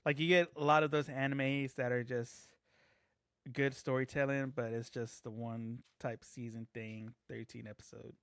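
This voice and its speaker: A man with a mid-range voice co-hosts a podcast, easygoing and quick to agree. His voice sounds close and dry, with no room sound. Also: medium pitch, steady tone, fairly bright tone, smooth, no echo. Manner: laid-back, agreeable, quick to chime in with yeahs. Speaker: podcast co-host. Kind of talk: casual chat.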